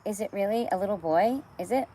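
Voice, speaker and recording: A woman reading aloud, voicing a nervous, yelling male head of a fire department in a storybook. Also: mid-range voice, brisk, a little hiss or hum, voice pushed up, close to an everyday voice. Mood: panicky. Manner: panicky, yelling.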